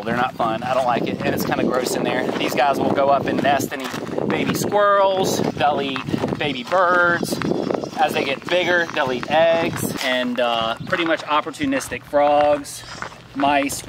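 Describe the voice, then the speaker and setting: A man's voice: medium pitch, background noise. A man filming a casual farm vlog outdoors, chatting in a laid-back way while handling a snake. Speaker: farm vlogger.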